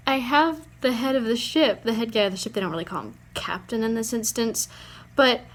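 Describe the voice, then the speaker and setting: A woman's voice: fairly high pitch, a little fast. A young woman, chatting casually in a writing vlog, rambling with lots of fillers. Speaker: vlogger.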